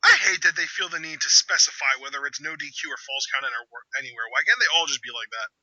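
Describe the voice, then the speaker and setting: A young man with a high, very bright voice that swings widely in pitch hosts a live reaction chat. He exclaims, groans and argues back at his co-host. The sound is dry, through a slightly dull lo-fi mic. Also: animated, fast talker, no echo. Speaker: channel host.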